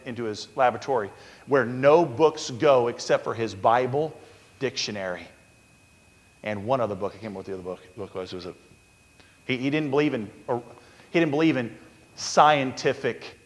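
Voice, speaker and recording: A man's voice: mid-range voice, brisk, big-room sound. A man preaching a sermon as pastor, telling stories and acting out the people he quotes. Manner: storytelling, acting out quotes in a raised voice.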